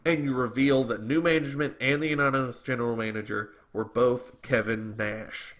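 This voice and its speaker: Bright-voiced opinionated podcast guy. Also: medium pitch, fast. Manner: opinionated, rambling with restarts. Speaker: podcast co-host. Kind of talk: casual wrestling commentary chat.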